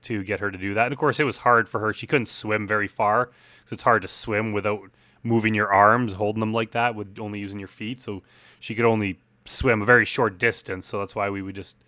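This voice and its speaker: A man giving a relaxed, rambling director's commentary on his film, full of fillers like "like" and "uh". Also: fairly low pitch, a little fast, no echo.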